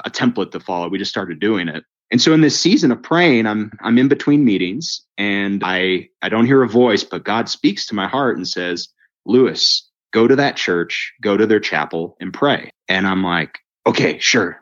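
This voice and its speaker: Man, deep voice, conversational storytelling, acts out quotes, muffled recording. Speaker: guest telling his testimony. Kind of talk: storytelling interview chat.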